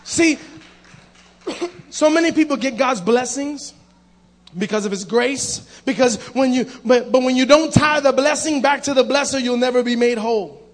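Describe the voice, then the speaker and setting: A man preaching a sermon, animated, acting out the voices in his story and calling out to the congregation. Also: extremely high pitch, moderate pace.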